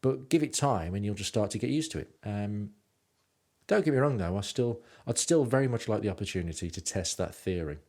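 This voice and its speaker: A man's voice: fairly low pitch, lively intonation, a little fast, a little mellow. A man narrating his travel stories in a rambling, self-mocking way with lots of ums. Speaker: podcast host and narrator.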